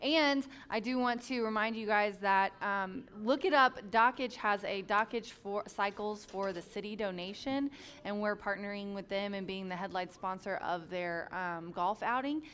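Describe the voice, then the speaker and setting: A woman's voice: mid-range voice, moderate pace, fairly bright tone. A woman hosting a horse racing show, chatting in an upbeat way and laughing often. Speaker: racing program host and handicapper. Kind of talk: casual chat.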